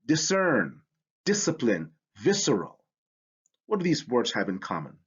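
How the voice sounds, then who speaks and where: A man teaching a spelling lesson, energetic and emphatic, slowing down to sound out words. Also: medium pitch, husky. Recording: dull lo-fi sound.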